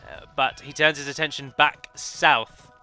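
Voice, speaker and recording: This is game commentary from a man playing a multiplayer strategy match himself, with faint music behind him. He speaks at a measured pace in a mid-range voice with a bright, forceful tone, staying chatty and analytical while frequently fixing what he says partway through a sentence.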